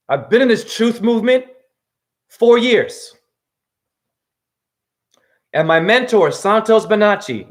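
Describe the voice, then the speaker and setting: A man in his forties delivering an angry, accusatory video rant as a self-styled spiritual teacher, swearing freely. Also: high voice. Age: 40s. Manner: angry, accusatory, emphatic ranting with profanity. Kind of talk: ranting video monologue.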